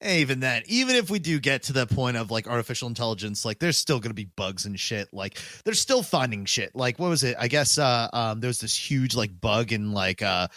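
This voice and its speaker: A man at a middle pitch co-hosts a podcast in loose, rambling chat. He stacks fillers, swears freely and breaks into laughs. The sound is close and dry. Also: animated, a little fast, hardly any pauses, sharp tone, dry recording. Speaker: podcast co-host. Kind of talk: casual chat.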